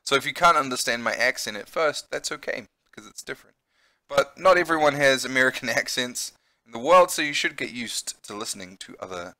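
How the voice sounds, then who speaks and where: A man's voice: mid-range voice, sharp tone, no room sound. A man with a New Zealand accent who teaches English, reading a visual novel aloud and chatting in a teacher's explaining way.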